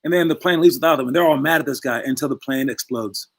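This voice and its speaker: A man's voice: medium pitch, fast, vocal fry. A young man coaching his basketball players in a casual, rambling talk full of little asides. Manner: chatty, rambling, acts out voices in quotes.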